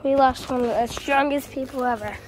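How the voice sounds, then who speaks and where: A woman narrating playful toy play in a silly, repetitive way over steady background noise. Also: high-pitched, a little fast. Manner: silly and repetitive, chanting phrases. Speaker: vlogger playing with plush toys.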